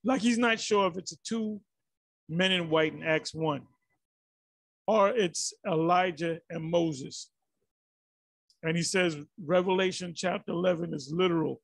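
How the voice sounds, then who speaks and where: A man's voice: high voice, measured pace, gravelly, long pauses, no room sound. A man giving rambling, exasperated commentary on a religious video, full of restarts and fillers.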